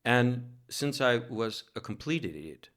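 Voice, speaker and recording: A man from New York City, a guest telling a lively, self-mocking story in a casual interview and laughing as he goes. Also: medium pitch, a little slow.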